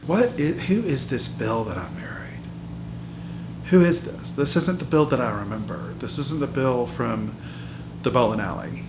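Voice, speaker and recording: A man's voice: mid-range voice, fairly even intonation, a little slow, noisy background, lightly acted. A man playing a brash 66-year-old woman who lives in a hotel, telling her life story in a meandering mockumentary interview full of fillers and restarts. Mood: rambling. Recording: echoey room with loud music underneath.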